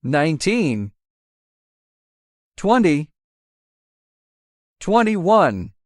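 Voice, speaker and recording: A man presenting outdoors as a snake expert, explaining eggs and nesting in a lively way, often repeating his points. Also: fairly high pitch, very slow, dry recording, studio quality. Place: outdoors in grass.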